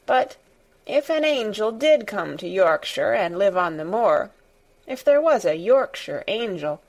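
Storybook girl, sour-tempered and frank, slow earnest delivery, voiced by a female reader. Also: mid-range voice.

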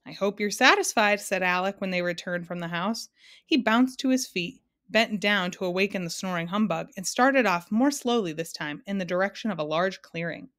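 A woman reading a children's book aloud with lively, expressive narration. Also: lowish voice, moderate pace. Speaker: storyteller.

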